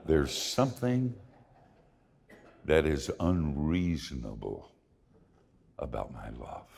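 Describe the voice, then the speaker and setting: An older man preaching a sermon, telling folksy, self-deprecating stories in an expressive way. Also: extremely low pitch, drawn-out words, creaky, long pauses, husky, big-room sound. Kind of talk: sermon with storytelling.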